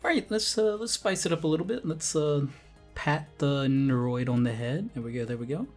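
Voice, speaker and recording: A man commenting on his gacha rolls, getting excitable, swearing and pleading with the game. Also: a little high, moderate pace, soft background music. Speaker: game streamer.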